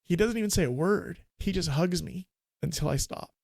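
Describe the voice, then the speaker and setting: A man in his forties, a minister and podcast guest, telling a candid, emotional personal story in a halting way with many restarts. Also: high-pitched, gravelly, a little mellow, dry recording.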